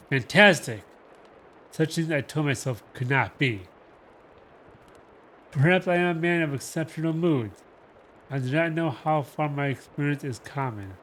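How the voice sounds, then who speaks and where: A man reading a novel aloud on a livestream, dramatic and slow with shifting emphasis. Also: a little high, a bit bright, a little hiss or hum. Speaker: reader.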